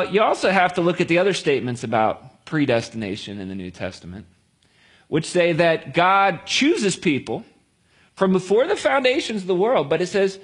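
A man preaching a sermon to a gathered group, in a conversational style with lively storytelling and asides. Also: a little high, breathy edge.

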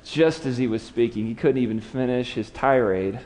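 A preacher speaks at normal speed in a medium-pitched, darkish voice that carries through a large hall. His sermon is dramatic storytelling, with the characters' words acted out in a raised voice.

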